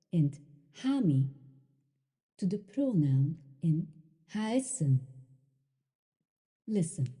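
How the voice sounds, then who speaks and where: A woman teaching a recorded language lesson, with a dark, mellow voice and a lively rise and fall in pitch. She speaks very slowly and deliberately, shaping each word for learners to repeat, and a long hall reverb trails her voice. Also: husky. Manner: slow, deliberate model pronunciation.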